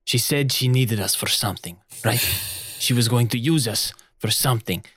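A man playing a tabletop game, talking in a relaxed, casual way. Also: medium pitch, a little slow, breathy edge, dry recording. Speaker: player. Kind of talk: tabletop role-play.

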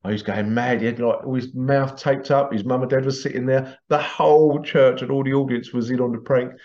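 A man chats away to his viewers in a loose, rambling monologue, breaking into chuckling asides as he goes. His voice sits at an ordinary middle pitch, and the recording sounds a little dull and lo-fi. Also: fairly even intonation, fairly quick, darkish tone. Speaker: vlogger.

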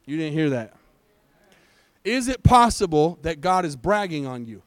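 High-voiced preacher calling out to his church. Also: a little slow, smooth, no echo. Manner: animated, call-and-response preaching with rhetorical questions. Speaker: pastor. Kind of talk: sermon.

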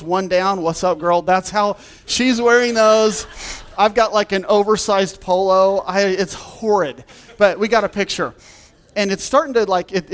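Animated pastor man, higher voice. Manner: animated storyteller, laughs through his anecdotes. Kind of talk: sermon with a humorous personal story.

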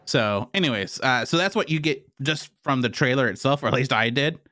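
A man's voice: medium pitch, fairly quick, sharp tone, no room sound, clean studio sound. A man hosting a casual podcast in an easygoing way, often repeating a word as he starts a thought. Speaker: podcast host.

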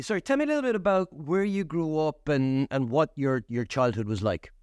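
A man's voice: a little high, lively intonation, brisk, a little mellow, clean tone, no echo, clean studio sound. A man hosting a podcast who asks questions in a chatty way with frequent restarts. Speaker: podcast host. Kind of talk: casual interview chat.

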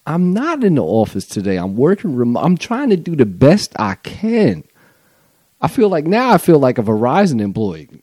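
Loose, rambling man with a dark voice. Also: a little high, wildly swooping pitch, normal speed, no room sound. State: high on mushrooms. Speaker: podcast host. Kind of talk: rambling comedic monologue.

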